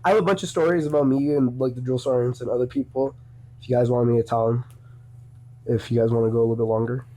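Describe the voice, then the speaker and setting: A man's voice: mid-range voice, fairly even intonation, fast, warm tone. A young man, a podcast guest, telling casual stories in a rambling way, with many restarts and a lot of swearing. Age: young adult. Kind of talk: casual storytelling.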